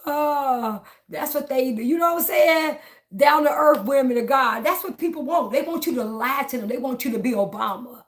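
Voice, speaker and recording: A woman's voice: sits high, a little slow. A woman, talking bluntly and defiantly to her viewers in a casual opinion vlog, repeating herself often. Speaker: political vlogger.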